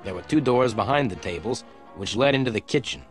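A man reading a detective story aloud in clear, measured narration for English learners. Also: medium pitch, animated, soft background music. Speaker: audiobook narrator.

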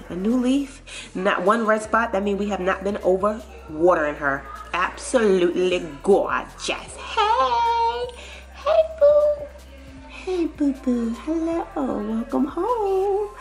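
Young woman, chatty rambling vlog talk, music underneath. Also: medium pitch. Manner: chatty, rambling, uses y'all. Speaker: family vlogger, mother. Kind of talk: casual vlog chat.

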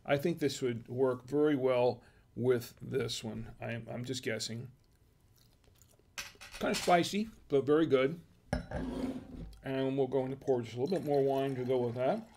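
Man, mid-pitched, gravelly, casual livestream host, hesitant and chatty. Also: measured pace, pauses often, noisy background. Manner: musing aloud, hesitant and chatty. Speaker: wine review show host.

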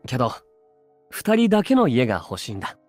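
Luke, a gently teasing boyfriend. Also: male voice, medium pitch, huge pitch swings, racing, faint music behind. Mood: tender. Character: easygoing, protective young man, gently teasing boyfriend. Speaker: game character voice. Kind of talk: Japanese dub game dialogue.

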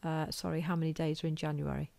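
Speaking low and quickly with a flat, creaky yet warm delivery, this British woman lectures at college level, musing aloud as she draws on a board. She's casual and pokes fun at herself, and the recording is dry.

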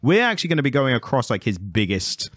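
A man's voice: medium pitch, big pitch swings, fast, no echo, studio quality. A man hosting a casual podcast, laid-back and easygoing, often agreeing with his co-host.

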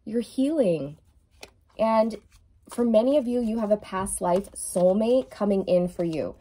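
A woman doing an effusive, emphatic tarot reading, stretching out key words and now and then singing a lyric softly. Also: medium pitch, measured pace. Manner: sings song lyrics softly at times. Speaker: tarot reader.

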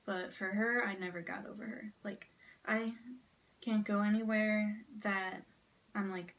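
Une femme qui se confie à sa caméra chez elle, bouleversée et au bord des larmes, qui jure et parle souvent à voix presque chuchotée. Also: female voice, medium pitch, steady tone, measured pace, gravelly, a bit bright, far from the mic. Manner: upset, rambling and swearing, often dropping to a near whisper. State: close to tears. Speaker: vlogger. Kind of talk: casual vlog talk to camera. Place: at home in front of a mirror.

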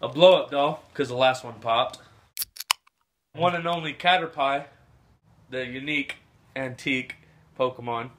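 A man's voice: mid-range voice, a little slow, pauses often. A man in a comedy sketch, speaking in an offhand, mocking way. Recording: distant mic with clicking noise.

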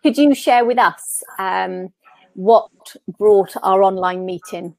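A woman's voice: medium pitch, slow, creaky, darkish tone, no echo. Giggly woman hosting a chat. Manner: giggly, encouraging. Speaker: podcast host. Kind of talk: casual chat.

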